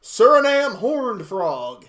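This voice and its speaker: A man's voice: extremely high pitch, very animated, takes it slowly, a bit bright, full character voice. A man voicing a fancy, haughty male frog with an affected, stammering drawl. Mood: posh.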